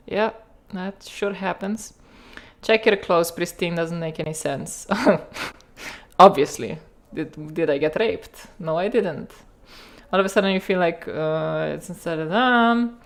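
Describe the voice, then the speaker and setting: A woman's voice: fairly low pitch, normal speed, soft background music. A woman with a Slovenian accent, reading game text aloud and adding wry, sarcastic asides as she streams.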